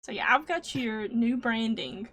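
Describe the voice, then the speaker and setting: A woman's voice: on the high side, expressive, unhurried, fairly bright tone. A woman co-hosting a casual stream show, teasing her co-host and laughing often. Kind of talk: casual chat.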